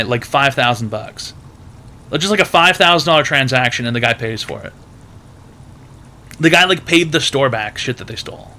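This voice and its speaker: A man's voice: fairly high pitch, sharp tone. A man hosting an advice stream who tells rambling, profane stories packed with "like" and other filler words. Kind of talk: casual storytelling.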